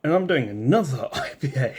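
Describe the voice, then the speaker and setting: A man's voice: mid-range voice, animated, fairly quick, a little hiss or hum. Guy doing a chatty beer review vlog, kinda rambly, keeps restarting his sentences, normal mid voice. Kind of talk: casual vlog chat.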